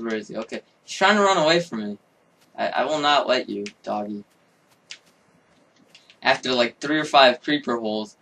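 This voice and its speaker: Excitable young man yelling at a game. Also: medium pitch, recorded from a distance, a little hiss or hum. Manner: excitable, swearing, yelling outbursts. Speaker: gamer. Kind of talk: game commentary.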